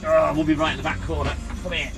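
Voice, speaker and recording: A man's voice: fairly high pitch, level tone, fast talker, vocal fry, loud music behind the voice. A man, a milkman streaming live from his van on his round, grumbling and swearing as he chats to viewers and his dog. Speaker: livestreaming milkman. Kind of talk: casual live-stream chat.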